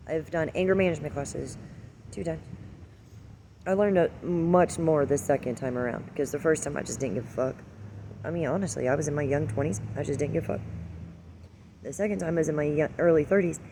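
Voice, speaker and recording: A woman in her forties talking in a candid, rambling, heavily profane confessional monologue, recorded with car noise behind. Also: low voice. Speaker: vlogger.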